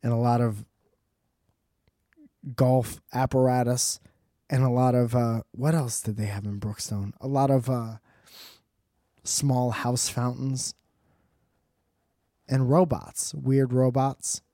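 A man's voice: medium pitch, little pitch movement, takes it slowly, long pauses, dark tone, dry recording, studio quality. A man doing a rambling, profane comedic monologue with joking asides.

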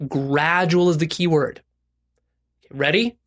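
A man's voice: fairly high pitch, slow, pauses often. A man hosting a self-help video, talking bluntly to the viewer and leading repeat-after-me affirmations. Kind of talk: direct-to-camera self-help talk.

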